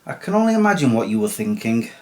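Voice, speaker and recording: A man hosts his own comedy vlog and chats to camera in a casual, sarcastic way. His voice sits at a medium pitch. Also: big pitch swings, fast. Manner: sarcastic, chatty. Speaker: vlogger host.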